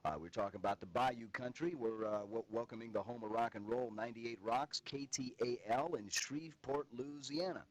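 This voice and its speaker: A man hosting a live call-in radio show with a smooth announcer delivery. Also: mid-range voice, brisk, hardly any pauses, rough recording. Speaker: radio host.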